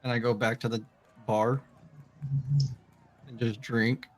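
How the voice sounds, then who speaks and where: A man's voice: mid-range voice, little pitch movement, slow pace, faint music behind. A man playing his character in a tabletop game, speaking in a laid-back, dry way. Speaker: player.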